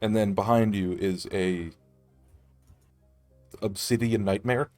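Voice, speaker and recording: A man's voice: lowish voice, fairly even intonation, slow pace, a little mellow, faint music behind. A man narrating casually as game master in a tabletop game, with frequent swearing.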